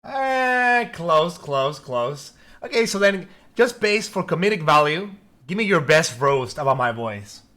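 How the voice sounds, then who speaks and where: A man's voice: on the high side, very animated, measured pace, bright, forceful tone. A man streaming as he chats casually and teases a talking AI in a pushy, joking way. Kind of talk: casual chat.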